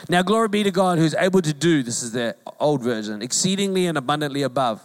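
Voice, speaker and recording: A man's voice: on the high side, lively intonation, quick pace. A New man in his forties, a pastor giving a sermon in a conversational, joking way with emphatic repetition.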